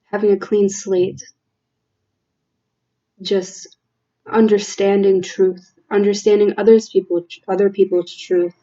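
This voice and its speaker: Woman doing a tarot reading at home, slow and rambly, mellow voice, kinda muffled lo-fi audio. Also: medium pitch, flat delivery. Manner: slow, halting, reflective with fillers. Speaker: tarot reader. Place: home room with windows.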